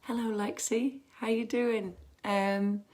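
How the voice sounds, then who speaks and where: A woman's voice: fairly high pitch, little pitch movement, slow pace, a little mellow. A woman hosting a casual fan livestream from home on her phone camera, chatty and rambling with lots of ums and restarts.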